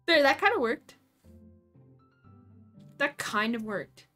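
High-voiced giggly woman streamer. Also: very animated, slow, pushed and bright, faint music behind. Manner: giggly, self-mocking, lots of "like". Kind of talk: casual game commentary, reading game text.

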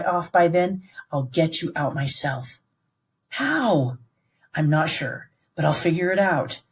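Reading aloud in a fairly low voice, a woman lightly acts the part of a protective British plantation father. This steady middle-aged man talks to his son earnestly and reassuringly.

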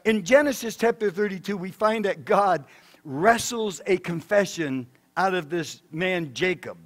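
Pastor, male, high-pitched tenor, emphatic preaching that swings loud to soft. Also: animated, measured pace. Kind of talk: sermon. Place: church sanctuary.

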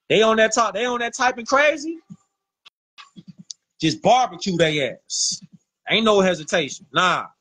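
Guy ranting live on his phone, slangy, high lively voice, kinda husky and bright. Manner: slangy, animated, repeats himself for emphasis. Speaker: livestream host. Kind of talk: casual livestream rant.

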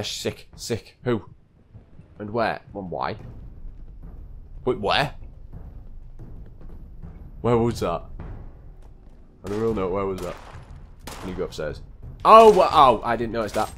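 A man's voice: lowish voice, very animated, slow, pauses often, pushed and bright, slight background noise. A man giving live gameplay commentary, talking to himself in a flustered way and repeating phrases as he plays. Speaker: gaming channel host.

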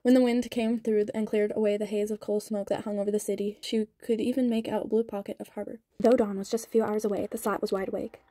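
Woman, novel reading, mellow tone, dry close sound, sped-up audio. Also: medium pitch, fast talker, hardly any pauses, no room sound. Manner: even, steady reading with small slips and restarts. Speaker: audiobook reader. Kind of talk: novel read aloud.

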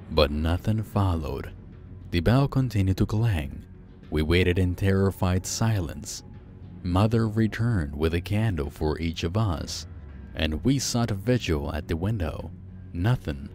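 A man narrating a first-person horror story, slow, hushed and suspenseful. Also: low voice.

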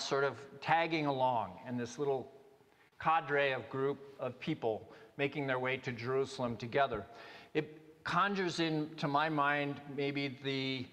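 A male pastor preaching a sermon in a conversational, halting way, with many restarts and fillers. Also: mid-range voice, a bit bright. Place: church sanctuary. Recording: long reverb of a church hall.

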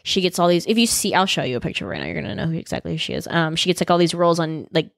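A woman's voice: on the low side, very fast, vocal fry, dry recording, studio quality. A young woman from California, a guest actor and comedian, chatting casually and rambling with lots of filler words. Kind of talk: casual interview chat.

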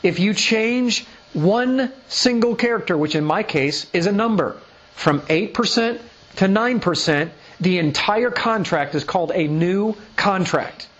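A man's voice: sits high, animated, unhurried, a bit bright, lo-fi sound. A male pastor giving a sermon, pressing his point with rhetorical questions and reading scripture aloud. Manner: emphatic, full of rhetorical questions. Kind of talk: sermon teaching.

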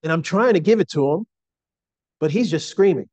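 A middle-aged man preaching a sermon in an earnest, slow and emphatic way. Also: on the high side, animated, a little mellow, no room sound.

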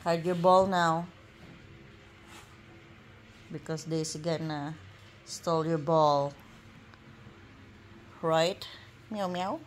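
A woman's voice: low voice, flat delivery, very slow, long pauses, slight background noise. A woman chatting to her pet dogs at home in a sing-song, coaxing baby-talk voice. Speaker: pet owner vlogger. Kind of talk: casual talk to pets. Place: home with pets.

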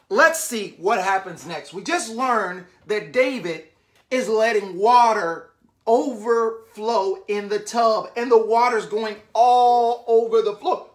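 A woman reading a picture book aloud to young children, animated and constantly asking the listeners questions. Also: mid-range voice.

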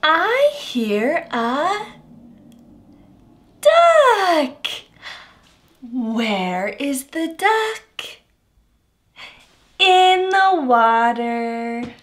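A young adult woman teaching toddlers in an exaggerated sing-song way, with big gasps and drawn-out words. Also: high-pitched, big pitch swings, fairly bright tone. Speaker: children's speech educator.

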